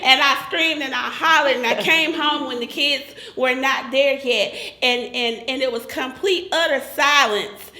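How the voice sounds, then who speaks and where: Woman telling her story, bright higher voice, keeps repeating words, roomy echo. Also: unhurried, hardly any pauses. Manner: animated, laughing, repeats words for emphasis. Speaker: group therapy participant sharing testimony. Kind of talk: emotional personal testimony.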